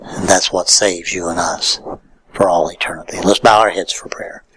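A male pastor preaching a sermon in a folksy way, swinging from loud calls to near-whispered lines. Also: sits low, steady tone, normal speed, breathy edge, low-quality recording.

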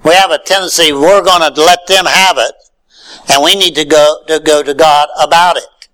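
A man's voice: on the high side, fairly even intonation, moderate pace, fairly bright tone, rough recording. A man preaching a sermon, reading scripture aloud and then retelling it in his own words with rising emphasis and rhetorical questions.

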